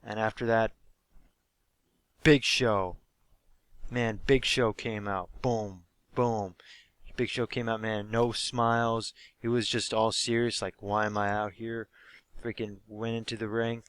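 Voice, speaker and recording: A young man with a sore, hoarse throat, recapping a live wrestling show he went to in an animated, swear-heavy way. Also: on the low side, slow, no room sound. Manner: animated storytelling, swears freely, acts out quotes. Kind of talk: casual excited recap.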